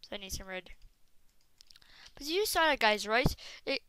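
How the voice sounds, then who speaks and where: A woman doing casual game commentary, talking to viewers and bursting into frustrated shouts. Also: on the high side, expressive, a little slow, clear, resonant tone, no echo. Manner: talks straight to viewers as "guys". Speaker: gaming commentator.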